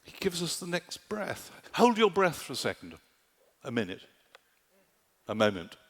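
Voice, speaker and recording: A man preaching a sermon at a summer camp, animated and rhetorical, often checking in with "do you see?". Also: fairly high pitch, measured pace, in a large hall. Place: large conference hall at a summer camp.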